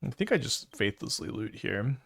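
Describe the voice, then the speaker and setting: A man's voice: mid-range voice, sing-song, normal speed, gravelly, a bit bright, husky, no echo, studio quality. A man giving casual live commentary while playing a card game, stuttering and restarting often as he thinks aloud. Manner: stutters, many restarts and fillers.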